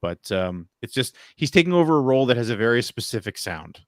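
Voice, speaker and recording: A man's voice: mid-range voice, sing-song, dry recording, clean studio sound. A man, a podcast co-host with young kids, chatting casually and restarting his sentences often. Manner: halting, many restarts. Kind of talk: casual chat.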